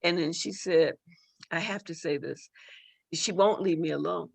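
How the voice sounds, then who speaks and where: A woman's voice: fairly low pitch, a little slow, gravelly, darkish tone, dry recording. A middle-aged woman, a judge and author, telling a personal story as an interview guest, emotional and full of repeated words and restarts. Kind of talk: storytelling in a talk-show interview.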